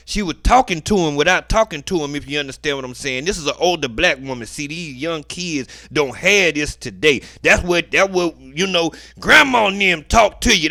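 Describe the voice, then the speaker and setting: A man's voice: sits high, vocal fry, pushed and bright, dry recording. A man giving profane, slang-heavy live commentary on a court video, emphatic and lecturing. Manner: emphatic, profane, slangy, keeps addressing the defendant as "boy". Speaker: online commentator.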